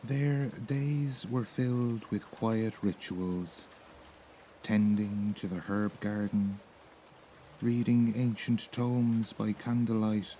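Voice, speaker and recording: A man with an Irish accent reading a sleep story in a soft, slow, soothing voice. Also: lowish voice, slight background noise, rough recording. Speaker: narrator.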